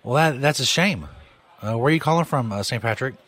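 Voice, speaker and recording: A man's voice: mid-range voice, lively intonation, a little fast, fairly bright tone, no room sound. A man hosting a live radio show from a pub in a casual, joking way, laughing at his own jokes. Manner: laid-back, joking, laughs at own bits. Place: pub during a live broadcast. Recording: crowd and music behind. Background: rowdy crowd and music.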